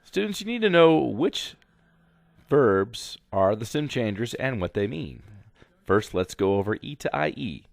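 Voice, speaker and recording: A man's voice: medium pitch, very animated, a little slow, vocal fry, no room sound. A man teaching a grammar lesson slide by slide, speaking instructively and repeating directions to students. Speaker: Spanish teacher.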